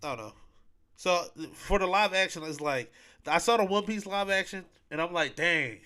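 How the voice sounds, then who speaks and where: A man's voice: high-pitched, normal speed, bright, forceful tone. A man hosting a podcast, chatting casually in a rambling, repetitive way with lots of slang and fillers. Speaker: podcast host. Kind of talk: casual solo podcast chat.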